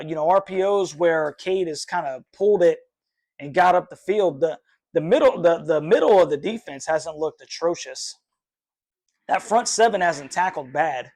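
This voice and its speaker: Guy from north carolina ranting on a live fan stream in his room, lotsa fillers, kinda high voice. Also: darkish tone. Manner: frustrated, rambling, many fillers and sighs. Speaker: fan livestream host. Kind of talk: live sports reaction stream.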